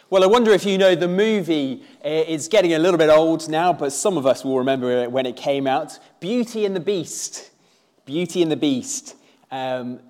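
A man's voice: medium pitch, a little mellow. A man preaching to a church congregation, conversational in manner, with filler words. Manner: conversational, with filler words and a few playful put-on voices. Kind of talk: sermon.

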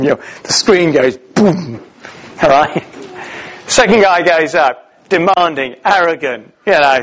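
A middle-aged man preaching a sermon, telling the story in a lively way with many "uh"s and restarts. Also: sits high, poor audio. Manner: animated storytelling with many fillers.

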